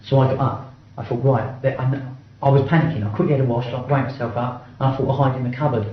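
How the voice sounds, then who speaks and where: Middle-aged bloke, quick and blunt, swears a lot, restarts his sentences, really echoey room. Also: mid-range voice, steady tone. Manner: blunt, swears often, stumbles and restarts while reliving events. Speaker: interviewee. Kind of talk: first-person account in an interview. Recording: very echoey, dull-sounding room recording.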